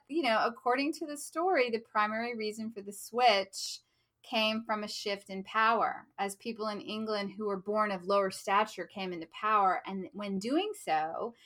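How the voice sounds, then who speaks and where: An American woman co-hosting a podcast, explaining stories in a chatty, easygoing way. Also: medium pitch. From United States. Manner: bright, chatty, laughs easily. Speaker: podcast co-host. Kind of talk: casual podcast chat.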